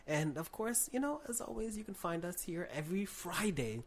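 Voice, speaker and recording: A man's voice: high voice, lively intonation, moderate pace, hardly any pauses. A man hosting a podcast, chatting casually and joking, laughing often. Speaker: podcast host. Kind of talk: casual comedic chat.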